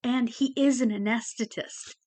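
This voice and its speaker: A woman's voice: fairly high pitch, fairly even intonation, moderate pace, a little mellow. A woman giving a casual personal update to her camera, rambling with many fillers and emotional, close to tears at times. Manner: many fillers like "you know" and "um". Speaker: vlogger. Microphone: camera facing the speaker.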